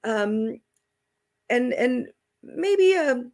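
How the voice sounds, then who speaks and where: A chatty middle-aged woman with a slightly high voice, guesting on an interview. She tells her travel stories casually, laughs easily and slips into the voices of the people she quotes. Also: expressive, very slow, a little mellow.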